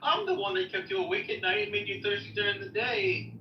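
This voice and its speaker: A man's voice: high voice, fast talker, highs cut off, pitched above the performer's own voice. A man voicing a pale male spirit figure who greets an old friend in an overfriendly, slangy way. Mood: chummy, excited. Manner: excited, slangy buddy talk. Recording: echoey room from a distance, faint noise.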